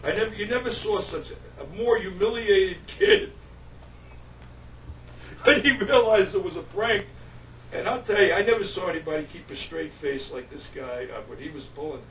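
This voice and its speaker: A man, a musician, telling a casual anecdote in an animated way, stumbling and repeating himself. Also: high-pitched, moderate pace. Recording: roomy, distant, faint hiss.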